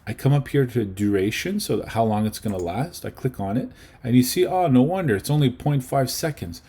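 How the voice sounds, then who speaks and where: A male teacher walks his class through video editing in a loose, chatty way. His voice is a little husky and sits in a middle pitch. He keeps checking in with his students as he goes. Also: expressive, brisk, warm tone. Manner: chatty, checks in with okay and right. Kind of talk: casual video-editing lesson.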